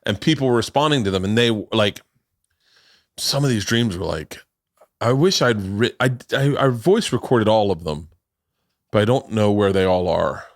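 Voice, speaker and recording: A middle-aged podcast host with a fairly low, animated voice at normal speed rambles through casual stories, acting out quotes and swearing freely. The sound is clean studio audio with no echo.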